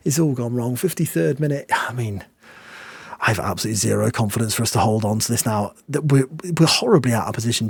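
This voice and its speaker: Husky, excitable young man. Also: mid-range voice, no room sound. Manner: excitable, swings between hushed nerves and loud outbursts. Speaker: game streamer. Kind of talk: video game commentary.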